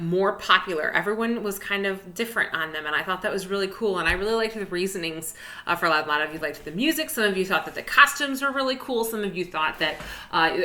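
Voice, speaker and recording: A woman's voice: medium pitch, bright, forceful tone. A young woman teaching an online music lesson to children, chatty and encouraging, with lots of fillers, at her desk. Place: indoors at a desk.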